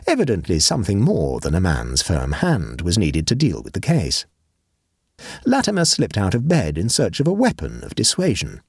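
Husky, wry male storyteller. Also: sits low, wildly swooping pitch, normal speed, a little mellow, no room sound, clean studio sound. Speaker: narrator. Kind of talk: storybook narration.

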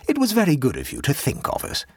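A man's voice: on the high side, huge pitch swings, fast talker, breathy edge, no room sound, clean studio sound, voice pushed up, full character voice. A man reading a gloomy Edwardian husband. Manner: plodding, earnest, faintly gloomy.

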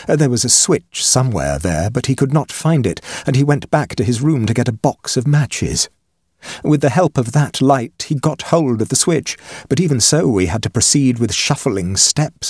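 A man reads a ghost story aloud with lively, expressive intonation. His voice has a husky edge, and the recording is dry and close. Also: medium pitch, dry recording. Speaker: narrator. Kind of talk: audiobook reading of a ghost story.

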